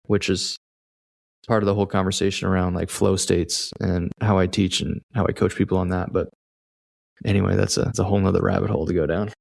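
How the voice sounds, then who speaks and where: A man with a low, gravelly voice talks as a guest on a podcast. He is a performance coach with a relaxed, reflective, conversational manner and a lot of casual filler words. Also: fairly quick. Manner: relaxed, reflective, uses fillers like "like" and "you know".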